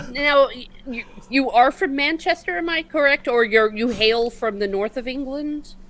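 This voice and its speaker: A woman's voice: sits high, measured pace, a bit bright. A woman in her late forties hosting a casual livestream on a video call, chatty and joking at her own expense. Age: 40s. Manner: chatty, jokey, self-mocking. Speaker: host.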